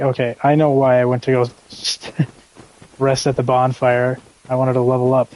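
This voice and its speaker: Young man, gaming streamer, rambling casual commentary, mid-pitched voice. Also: monotone, moderate pace, darkish tone, poor audio. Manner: rambling, laid-back, swears casually. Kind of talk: casual live gameplay commentary.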